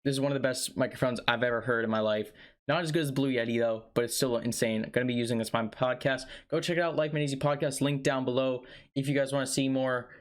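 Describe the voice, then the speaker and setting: A man's voice: medium pitch, fairly even intonation, quick pace. Enthusiastic man reviewing a microphone. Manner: enthusiastic, salesy, addresses viewers as guys. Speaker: tech reviewer. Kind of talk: casual product review. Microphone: condenser USB microphone on desk.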